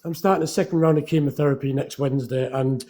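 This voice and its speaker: A man calling in to a live show, friendly and halting, currently ill. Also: medium pitch, fairly even intonation, dark tone. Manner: halting, friendly, calls everyone mate. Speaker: caller.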